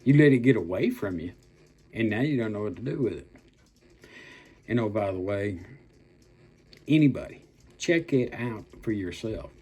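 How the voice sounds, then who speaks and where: A man's voice: fairly low pitch, animated, moderate pace, pauses often, dark tone, slightly rough. An older man delivering an angry political rant, blunt and profane, stretching out words for emphasis and making threats. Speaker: political commentator.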